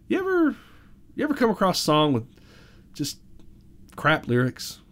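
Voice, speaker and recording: A man's voice: sits high, huge pitch swings, measured pace, fairly bright tone. A man co-hosting a casual podcast chat, loose and jokey, laughing often. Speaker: podcast co-host.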